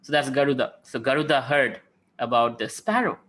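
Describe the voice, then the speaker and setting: Bright-voiced man giving a devotional talk. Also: medium pitch, moderate pace, a little hiss or hum. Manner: conversational, frequent "right?" tags, acts out quotes. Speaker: spiritual speaker.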